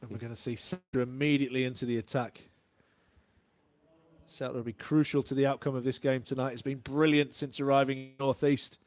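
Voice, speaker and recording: A man giving live cricket commentary and analysis in a relaxed way, warm in praise of good shots. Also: mid-range voice, brisk, dry recording.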